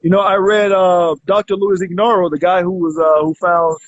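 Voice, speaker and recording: The guest is a man in his thirties who works as a health coach. In a casual interview he tells his story at normal speed in a high-pitched, level tone, rambling and restarting often, on a dry, dull lo-fi recording.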